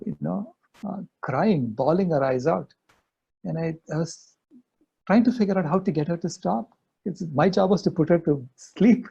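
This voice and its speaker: A man's voice: on the high side, moderate pace, creaky, warm tone, husky. An older man, a guest in an interview, earnestly telling a personal story. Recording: dull lo-fi audio.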